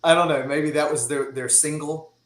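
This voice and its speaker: A man's voice: a little high, fairly even intonation, normal speed, echoey room, a little hiss or hum, low-quality recording. A man in his fifties with a Southern US accent, a guest drummer chatting casually in a rambling way and laughing often. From Georgia, US. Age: 50s. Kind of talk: casual chat.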